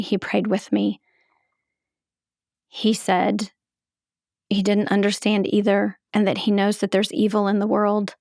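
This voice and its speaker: A middle-aged woman telling her own story as a podcast host, in a measured, halting, emotional way. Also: medium pitch, dry recording, clean studio sound. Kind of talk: reflective personal storytelling.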